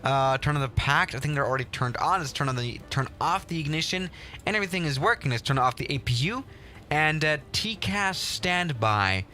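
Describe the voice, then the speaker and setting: A young man hosting a game livestream, chatting casually in an excitable, rambling and self-mocking way. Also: fairly high pitch, brisk. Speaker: livestream host.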